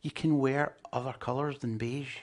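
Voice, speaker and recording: A man's voice: medium pitch, steady tone, normal speed. A man preaching a sermon, emphatic and joking with his listeners. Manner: emphatic, humorous asides to the congregation.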